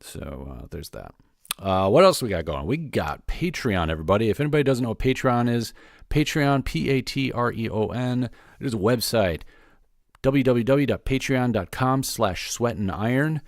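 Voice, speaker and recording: A man's voice: medium pitch, expressive, normal speed, creaky, no echo, studio quality. A man hosting his own podcast, giving a casual, rambling solo update with plenty of fillers and restarts. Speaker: podcast host.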